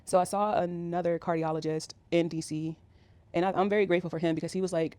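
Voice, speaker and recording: A woman's voice: low voice, flat delivery, fairly quick, darkish tone, no echo. A woman in her thirties telling a personal story in a casual, rambling way, with many fillers. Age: 30s. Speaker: vlogger.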